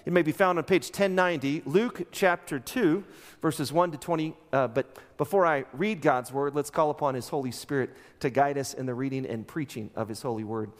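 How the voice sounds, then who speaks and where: Pastor preaching in a reverberant church. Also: male voice, on the high side, brisk. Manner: animated storytelling, acts out characters' lines. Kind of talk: sermon. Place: church sanctuary.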